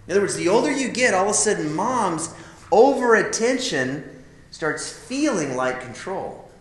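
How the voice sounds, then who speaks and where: A man's voice: on the high side, fairly bright tone, roomy sound, slight background noise. A man teaching a live class of men conversationally, emphatic, calling them "guys" and asking rhetorical questions. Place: classroom or meeting room.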